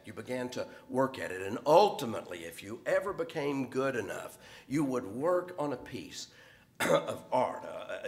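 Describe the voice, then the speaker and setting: A middle-aged man gives a talk on a conference panel. He explains his points as a professor would in a lecture, in a mid-range voice. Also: medium pitch.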